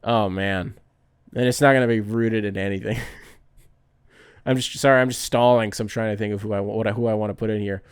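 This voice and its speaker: A man's voice: lowish voice, steady tone, a little fast, clear, resonant tone. A man hosting a podcast, chatting loosely and rambling with lots of fillers and the odd swear. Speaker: podcast host. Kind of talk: casual chat.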